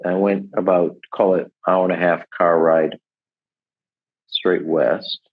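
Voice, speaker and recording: A man's voice: deep voice, fairly even intonation, slow pace, slightly rough, narrow, tinny audio. A man in his sixties, a podcast guest, telling stories in a casual, rambling way, full of restarts and "et cetera". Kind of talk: casual storytelling.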